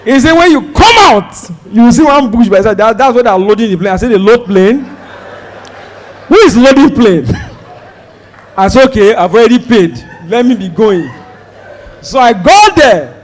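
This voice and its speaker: Nigerian man, stand-up comic, high voice, wildly swinging pitch, storytelling. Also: normal speed, pauses often, long reverb tail. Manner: animated, acts out dialogue with sudden loud outbursts. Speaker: stand-up comedian.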